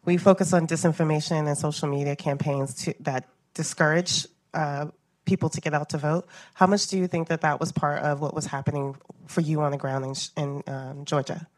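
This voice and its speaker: A woman's voice: low voice, fairly even intonation, brisk, a little mellow, no echo. A woman in the audience who introduces herself politely and asks her question. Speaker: audience member asking a question.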